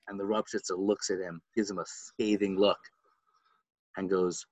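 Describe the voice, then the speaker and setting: A man with a medium voice tells an animated story, laughing as he goes and dropping in Yiddish words. It is a loose, casual chat. The sound is dry and a little dull. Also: low-pitched, a little slow, no room sound.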